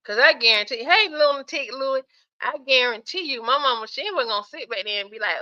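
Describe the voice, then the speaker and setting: A woman hosting a casual livestream, reading viewer comments aloud, chatty and quick to laugh while sleepy and yawning. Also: high voice, lively intonation, pushed and bright, dull audio. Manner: chatty, laughs often, talks straight to viewers. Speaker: livestream host.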